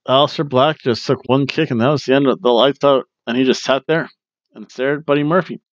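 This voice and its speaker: A man's voice: medium pitch, fairly even intonation, normal speed, smooth, no room sound, highs cut off. A man hosting a wrestling review podcast, rambling casually through a recap and breaking into goofy chants and sing-song asides.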